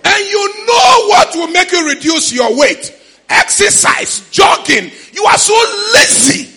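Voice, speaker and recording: A man with a Ghanaian accent preaching a sermon in church, shouting in a sing-song way with sudden high cries. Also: big pitch swings, a little slow, slight background noise. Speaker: pastor.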